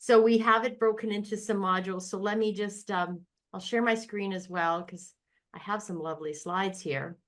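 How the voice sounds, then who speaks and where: Bright fast-talking woman co-host. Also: medium pitch, steady tone. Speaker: co-host closing the class. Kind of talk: live online class talk. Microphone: video call.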